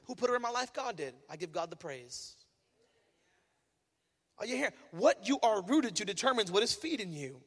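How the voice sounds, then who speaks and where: High bright husky preacher man. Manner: preaching with sudden loud emphatic rises and quiet asides. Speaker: pastor. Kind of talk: sermon. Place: church. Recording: church hall reverb, faint music.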